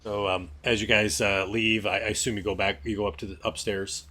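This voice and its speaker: A man's voice: lowish voice, flat delivery, fairly quick, bright, forceful tone. A man narrating a tabletop game as game master, describing scenes in a loose, descriptive way.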